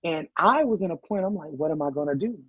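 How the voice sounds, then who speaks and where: A Southern business owner, guesting on a podcast, tells stories in a casual interview chat, animatedly acting out quoted voices. His husky voice sits fairly high and he talks fast. The dry recording sounds dull and slightly muffled.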